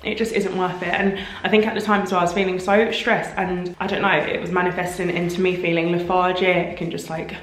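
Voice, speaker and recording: A woman vlogging casually about her house renovation, talking frankly and in a rambling way, a little croaky from tiredness, filmed on a handheld phone camera. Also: lowish voice, little pitch movement, fairly quick, hardly any pauses. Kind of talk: casual vlog chat. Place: empty house under renovation. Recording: echoey empty room, faint noise.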